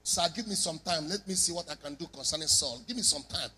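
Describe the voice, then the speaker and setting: A man voicing an old male prophet who calmly asks for more time, speaking low and soft. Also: a little hiss or hum. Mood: stalling. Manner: soft, unhurried, put off. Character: stalling old male prophet, calm and unhurried.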